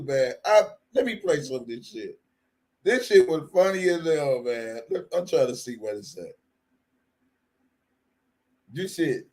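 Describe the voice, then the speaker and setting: A man's voice: a little high, expressive, measured pace, long pauses, a little mellow. A man hosting a live stream, ranting casually in a profane, mocking way and laughing often. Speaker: livestream host. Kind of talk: casual livestream rant.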